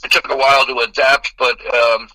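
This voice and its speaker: A man from Texas in a metal band, answering interview questions in a laid-back, profane way with halting fillers. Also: mid-range voice, little pitch movement, sharp tone, dry recording, low-quality recording.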